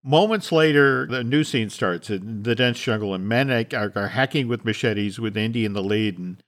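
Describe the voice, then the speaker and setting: A man reading a film script aloud to his podcast co-hosts, telling it with animated restarts. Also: mid-range voice, moderate pace.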